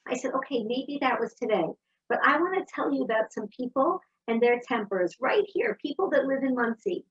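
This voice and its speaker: Storytelling woman, slightly husky. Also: on the high side, moderate pace, muffled recording. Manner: storytelling, warm and animated. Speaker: speaker. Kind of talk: inspirational talk.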